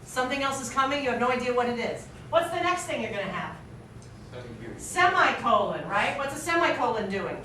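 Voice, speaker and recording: A woman's voice: high voice, sing-song, fairly quick, bright, forceful tone, a little hiss or hum. A woman acting teacher leading a classroom drill, constantly quizzing her students and checking in with "right?". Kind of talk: classroom instruction. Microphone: far camera. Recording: echoey room from far off.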